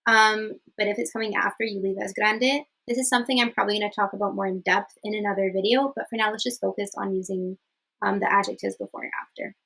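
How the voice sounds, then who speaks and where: A woman's voice: mid-range voice, steady tone, fast, gravelly, a bit bright, slightly rough, low-quality recording. A young woman teaching a casual online language lesson, chatty, with many fillers and frequent "okay?" checks. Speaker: Spanish teacher.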